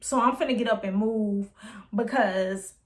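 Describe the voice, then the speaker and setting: A woman's voice: medium pitch, measured pace, close to an everyday voice. A woman voicing a defiant young woman who insists on living her own way, speaking emphatically and insistently.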